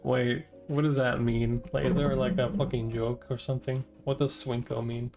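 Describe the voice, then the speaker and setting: A man casually reading a comic aloud and reacting, thinking out loud with many fillers and breaking into surprised swearing. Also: medium pitch, level tone, moderate pace, soft background music. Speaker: host reading manga aloud.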